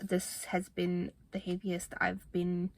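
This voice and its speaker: A woman's voice: on the low side, monotone, slow, creaky. Slightly breathless young woman vlogging. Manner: earnest, motivational, chatty with fillers. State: a little out of breath. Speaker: fitness vlogger. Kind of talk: casual talking-to-camera vlog.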